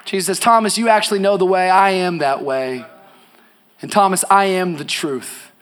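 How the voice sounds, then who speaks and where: High-voiced preacher swinging from hush to shout. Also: male voice, normal speed. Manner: swings from hushed storytelling to shouted emphasis; casual slangy asides to the congregation. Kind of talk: energetic sermon.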